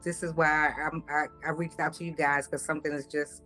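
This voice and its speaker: A woman's voice: sits low, flat delivery, a little fast, bright, forceful tone, soft background music. A woman casually telling her own story in a conversational, hesitant, doubtful way.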